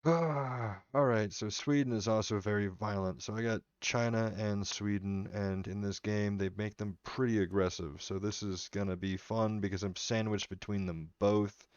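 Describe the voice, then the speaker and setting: A man's voice: lowish voice, fairly even intonation, normal speed, hardly any pauses, dry recording, dull audio. A man streaming a strategy game live, chatting casually and rambling with his viewers as he plays. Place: home room.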